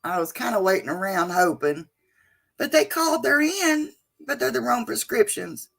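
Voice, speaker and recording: A woman's voice: fairly high pitch, expressive, normal speed, creaky. A middle-aged woman hosting a casual livestream chat, chatty and greeting viewers by name with endearments like sweetheart and honey. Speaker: livestream host.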